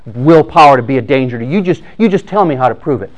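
A man's voice: medium pitch, expressive, quick pace, close to an everyday voice, poor audio. A man voicing a condemned, hate-filled criminal who vows revenge. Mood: defiant. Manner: defiant and vengeful.

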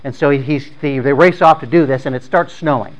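A man's voice: medium pitch, a little fast, poor audio. A man informally retelling a story in plain, conversational words, often repeating and restarting his phrases.

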